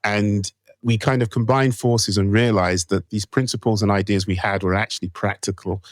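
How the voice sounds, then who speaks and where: A man's voice: lowish voice, moderate pace, dry recording. A man with a British accent, a podcast guest speaking emphatically and animatedly in an interview. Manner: animated, emphatic, laughs while making points. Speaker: guest, marketing company co-founder.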